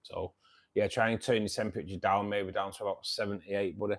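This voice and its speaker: With a voice on the low side, fairly even intonation, and a brisk pace, an aquarium channel host chats on a laid-back livestream. He's friendly yet hesitant, restarting often, saying um a lot, and addressing viewers as mate and buddy.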